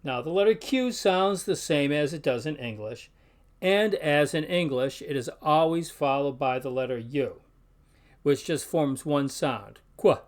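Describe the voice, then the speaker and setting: A man teaching pronunciation in an instructional video, speaking carefully and slowly sounding out example words. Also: fairly high pitch. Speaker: Latin teacher.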